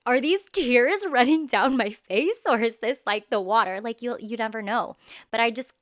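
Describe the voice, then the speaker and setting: Woman, 30s, podcast host; candid and chatty with loose filler words, crisp voice, dry close sound. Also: fairly high pitch, sharp tone, no echo. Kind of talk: casual solo podcast talk.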